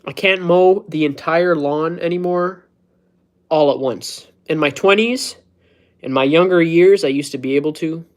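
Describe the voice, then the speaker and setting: A man's voice: fairly high pitch, unhurried. Man, 30s, casual home streamer; goofy, rambling, self-deprecating humor. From United States. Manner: joking, self-mocking, laughs at his own jokes. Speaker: streamer hosting a live stream. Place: at home, indoors.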